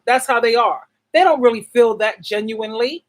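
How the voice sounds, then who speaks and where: A woman's voice: a little high, normal speed, low-quality recording. A middle-aged woman hosting an advice channel, talking casually and bluntly, asking herself rhetorical questions and repeating words for stress. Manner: emphatic, asks rhetorical questions and answers them herself. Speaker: relationship advice channel host. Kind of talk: casual advice monologue to camera.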